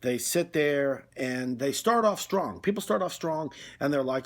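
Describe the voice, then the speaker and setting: A man's voice: fairly high pitch, lively intonation, measured pace. A man delivering a rambling, conversational comic monologue, full of fillers. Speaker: comedy video host.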